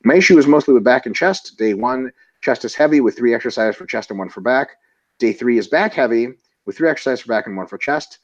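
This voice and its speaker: In a muffled recording, a mid-range male voice comes across animated and fairly quick. He's co-hosting an informal webinar Q&A full of profanity and jokes. He gives blunt answers to viewer questions and breaks training plans down step by step, cursing freely.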